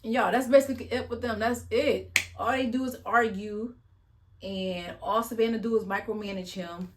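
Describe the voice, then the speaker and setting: A woman's voice: a little high, fairly even intonation, normal speed, a little hiss or hum. A woman giving a casual, blunt recap of a reality show, chatty and slangy, sighing as she retells scenes.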